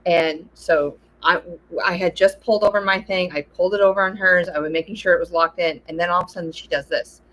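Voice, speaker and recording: A woman co-hosting a casual chat, telling stories in an animated way and acting out what people said. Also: lowish voice, fairly quick, hardly any pauses, rough recording. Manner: animated storyteller, acts out quotes.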